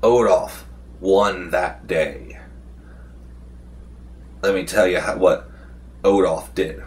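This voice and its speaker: A young man with a somewhat low voice talks through a tabletop role-playing session at an unhurried, drawn-out pace. He rambles, stops to restart sentences, and slips into the voices of the game master and the other players. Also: fairly even intonation. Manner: rambling, with many fillers and restarts. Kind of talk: casual recap.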